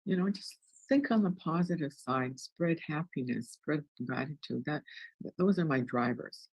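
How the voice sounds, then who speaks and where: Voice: mid-range voice, normal speed, a little mellow, breathy edge, no echo, low-quality recording. A wellness guest in an interview, upbeat and jokey, often restarting words.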